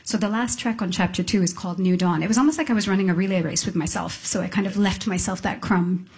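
On stage in front of an audience, a middle-aged woman musician gives reflective interview answers in a mid-range voice with a breathy edge. She's thoughtful and halting, restarting frequently and letting out soft laughs.

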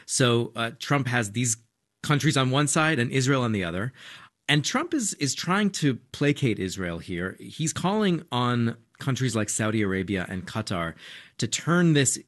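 A man working as a news correspondent, explaining events in a measured conversational debrief with frequent small fillers. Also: medium pitch, big pitch swings, a bit bright.

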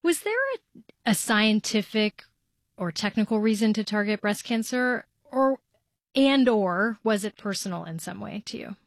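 A woman hosting a science radio show, asking questions in a calm, measured way. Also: medium pitch, no echo, clean studio sound. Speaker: radio host. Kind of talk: public radio interviewing.

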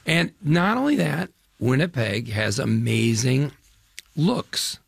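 An older actor from the Chicago area, in the US Midwest, talks about his film in an interview, enthusiastic and rambling with plenty of fillers. His mid-range voice is sing-song, slow, gravelly and husky, captured in clean studio quality with no echo.

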